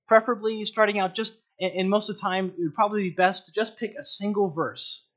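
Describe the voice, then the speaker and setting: A man giving an earnest, unhurried teaching on meditating on scripture, often restarting his sentences. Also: high voice, a bit bright. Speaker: Bible teacher. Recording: dull lo-fi recording.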